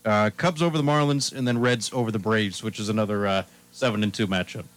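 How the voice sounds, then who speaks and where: A man's voice: lowish voice, fast talker. A man hosting a sports talk radio show, chatting casually and running through his picks one after another.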